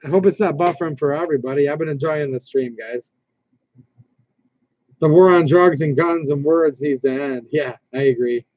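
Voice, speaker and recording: A man's voice: on the high side, normal speed, a little mellow, no room sound. A man hosting a casual livestream, rambling and reading viewer comments aloud, with frequent restarts. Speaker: livestream host. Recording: dull lo-fi stream audio.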